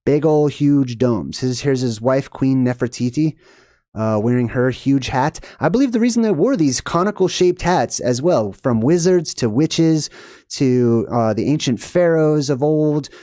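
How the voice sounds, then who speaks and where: A man's voice: medium pitch, animated, a little slow, mellow, dry recording, clean studio sound. A man hosting a video, talking casually over pictures in a rambling way, with lots of fillers and a habit of ending points with "right?". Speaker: video host. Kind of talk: casual commentary over slides.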